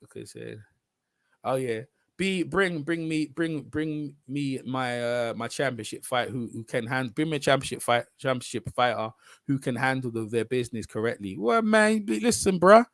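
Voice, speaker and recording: A man's voice: mid-range voice, no room sound, studio quality. A man ranting in casual boxing commentary, mocking and repeating himself. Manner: animated, mocking, repeats himself, drifts into quick asides.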